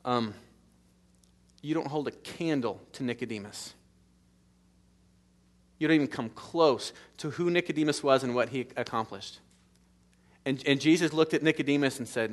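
A middle-aged man preaches from the front of a church, his voice sitting a little high for a man. He drives his points with repeated short phrases, building emphasis and then dropping to a quieter, closer appeal. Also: brisk. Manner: emphatic, repetitive preaching cadence. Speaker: pastor. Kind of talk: sermon. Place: church sanctuary.

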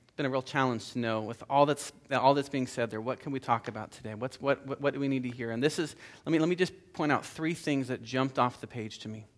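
A man's voice: medium pitch, fast talker. A male pastor giving an earnest, conversational sermon to a congregation in a church room, with prayer and a scripture reading, often repeating words as he speaks.

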